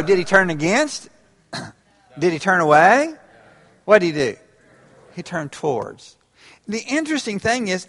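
A man's voice: high voice, pushed and bright. A man preaching an interactive sermon, talking conversationally and laughing along with his congregation. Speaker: pastor. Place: church. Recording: reverberant church hall.

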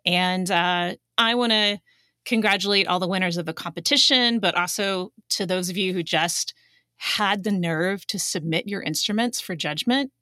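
A woman's voice: on the low side, moderate pace, bright, forceful tone, dry recording, studio quality. A woman co-hosting a podcast in casual, playful chat, often laughing. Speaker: podcast co-host.

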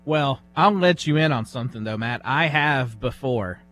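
A man co-hosting a radio show, joking in a dry, deliberate way during casual banter. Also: mid-range voice, animated, fairly bright tone, a little hiss or hum. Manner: dry, deliberate, wry humor. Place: radio studio.

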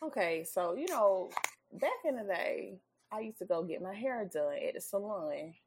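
A woman's voice: medium pitch, lively intonation, moderate pace, background noise. A woman co-hosting a podcast in casual chat, sassy, blunt and emphatic. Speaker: podcast co-host.

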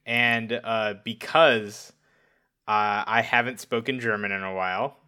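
Rambling male podcast co-host, bright tense tone, hesitant. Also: lowish voice, steady tone, a little slow, smooth. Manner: rambling, hesitant, with many fillers and chuckles. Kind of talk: casual podcast chat.

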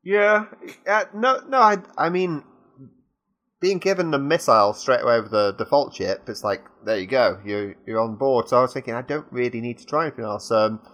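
A man's voice: medium pitch, moderate pace, fairly bright tone. Rambling British man on a podcast. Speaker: podcast co-host. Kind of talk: casual gaming podcast chat.

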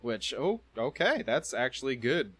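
A man's voice: medium pitch, measured pace, breathy edge, no echo. A man co-hosting a podcast, casually recapping plot and acting out lines. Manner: narrates plot with animated quoted voices. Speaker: podcast co-host.

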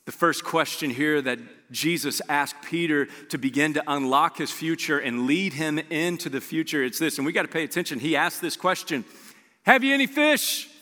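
Male pastor, sermon delivery, animated with big upward pitch jumps, acts out dialogue; bright tone, long hall reverb. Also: moderate pace, few pauses. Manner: animated preacher, voice jumps high for emphasis.

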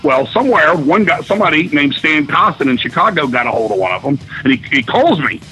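Middle-aged male musician guest, profane excitable storyteller, bright edgy tone, slightly high voice. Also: a little fast, soft background music, low-quality recording. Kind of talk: casual storytelling interview.

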